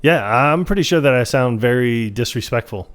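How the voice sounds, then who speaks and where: A man's voice: medium pitch, animated, a little fast. A man co-hosting a podcast, chatting casually and retelling scenes in a rambling way with lots of fillers. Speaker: podcast co-host. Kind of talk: casual chat.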